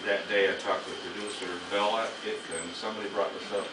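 A man in his sixties, a guest actor at a live Q&A, rambles through anecdotes full of laughter and swearing as he tells casual stories to an audience in a small underground venue. His voice sits fairly low, with a flat delivery and a fast pace. The recording is echoey and distant, with loud noise.

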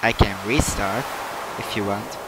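A man casually chatting and explaining gameplay while he plays, with loud noise in the background. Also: on the low side, unhurried, over music, poor audio. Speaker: gameplay video host. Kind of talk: game commentary.

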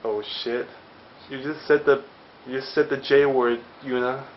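A man's voice: mid-range voice, steady tone, measured pace, a little hiss or hum. A young man giving casual gameplay commentary as a let's play host, joking and cursing playfully. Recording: slightly dull audio with faint game music.

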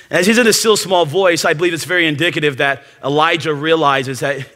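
Lively bright-voiced man preaching. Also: a little high, brisk, few pauses. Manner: animated, acts out the story in quoted voices. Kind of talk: sermon. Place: church sanctuary. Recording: reverberant church hall.

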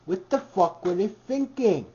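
A man ranting to camera in a comedic, heavily profane vlog, swinging from shouts to mutters. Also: high voice, animated, a little slow, slightly rough. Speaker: vlogger. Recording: dull lo-fi home recording.

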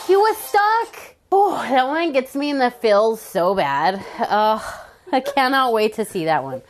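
A young woman hosting a vlog, gushing and squealing with excitement as she reacts to trailers. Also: high voice, a little slow. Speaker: vlog host. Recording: music playing behind.

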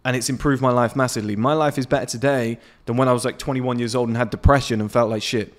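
A man's voice: mid-range voice, steady tone, fast. A man in his late twenties, ranting bluntly and profanely to camera outdoors on his patio. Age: 20s. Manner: blunt, profane, swearing freely. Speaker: men's self-improvement vlogger. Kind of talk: unscripted motivational rant to camera.

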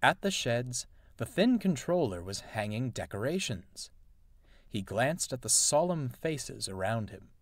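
A man narrating a storybook in a gentle, expressive way. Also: mid-range voice, measured pace, dry recording.

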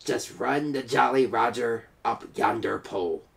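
A man voicing a gruff bearded male pirate captain with a raspy voice, in a children's picture book reading. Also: mid-range voice, unhurried.

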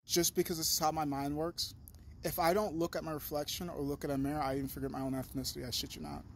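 A young man with a notably high voice talks straight into the camera in a loose, rambling vlog. He swears freely, jumps from one thought to the next and gets animated as he goes. A faint background hum sits under his voice. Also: fast. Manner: profane, animated, digressive; talks in a high sing-song to his dog. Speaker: vlogger. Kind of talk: rambling casual monologue.

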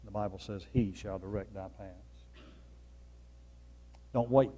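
A man preaching a sermon as pastor, repeating key phrases and swinging between loud, emphatic lines and soft, low ones. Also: fairly even intonation, a little slow, long pauses, husky.

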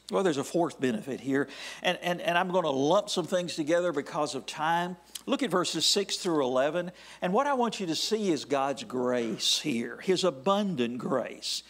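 A male pastor preaching a sermon in a church, deliberate and measured, often dropping his voice to a near whisper at the end of phrases. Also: fairly high pitch. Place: church sanctuary.

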